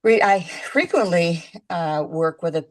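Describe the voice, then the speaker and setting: A woman talking as a guest in a casual video-call chat, chatty and halting, restarting her sentences often. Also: lowish voice, expressive.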